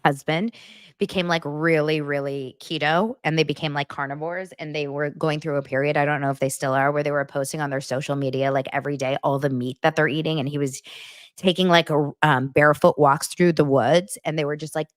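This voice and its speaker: A woman's voice: low voice, steady tone, fairly quick, no room sound, clean studio sound. A woman hosting a podcast, recapping reality TV in a blunt, sarcastic, casual way. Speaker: podcast host.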